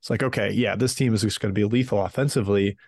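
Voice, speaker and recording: A man's voice: fairly low pitch, steady tone, quick pace, a little mellow, no room sound, clean studio sound. A man co-hosting a sports betting podcast, thinking aloud and weighing both sides before he makes a pick. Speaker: podcast co-host and betting analyst. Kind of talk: casual sports betting chat.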